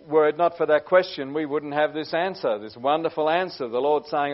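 A man preaching a sermon in an earnest way, often pausing with "uh" as he goes. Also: on the high side. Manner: earnest, with many "uh" pauses. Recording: dull lo-fi recording.

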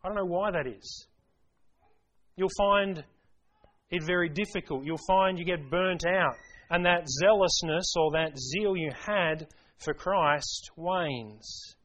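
A man's voice: high-pitched, slow, a bit bright. A man preaching a sermon to a congregation, emphatic, repeating key phrases and asking rhetorical questions. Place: church service.

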